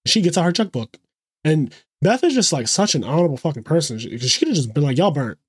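Podcast co-host, male, higher register, lively storyteller, dry booth sound. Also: husky, no room sound. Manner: animated retelling, quick asides, frequent swearing. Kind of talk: casual chat.

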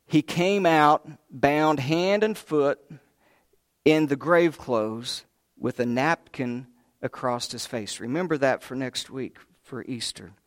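A man's voice: medium pitch, slow pace, dry recording. Emphatic preacher man with a dry sound. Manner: emphatic storytelling, asks the crowd questions; talks directly to the congregation. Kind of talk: sermon.

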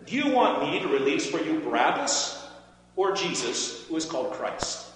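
A man's voice: fairly high pitch, very animated, normal speed. A man gives voice to an uneasy Roman governor, his tone lifting as he pleads. The sound rings through a large reverberant hall. A faint hum sits underneath. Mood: pleading.

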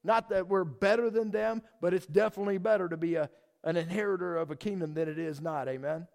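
A man preaching a sermon in a conversational, animated way, asking the congregation questions. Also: high-pitched, quick pace, vocal fry. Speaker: pastor.

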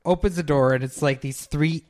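A young man casually recapping a film on a podcast, rambling and halting with many restarts and fillers, joking at his own expense. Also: fairly high pitch, a little mellow. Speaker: podcast co-host reviewing films. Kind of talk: casual chat.

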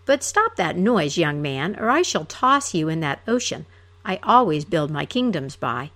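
A bored old king scolds a noisy guest in a peevish voice, as a woman reader puts him on. The lines lurch up and down in pitch and are delivered without hurry. It is a storybook poem told aloud. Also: big pitch swings, a little slow, a bit bright, full character voice. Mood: irritable.

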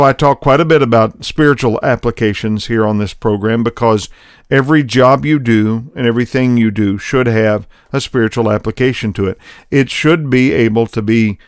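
A middle-aged man tells a story in a relaxed, folksy way, poking gentle fun at himself as it builds toward a spiritual point. His voice sits at an ordinary pitch for a man. The sound is dry and close, with no room around it. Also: clean tone, dry recording. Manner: folksy, conversational, self-deprecating. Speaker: program host. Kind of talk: storytelling monologue with spiritual lesson.

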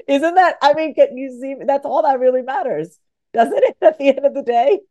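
Emphatic woman with a mellow voice. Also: sits high, normal speed, dull audio. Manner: animated, emphatic, repeats phrases for emphasis. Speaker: guest author. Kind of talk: podcast conversation.

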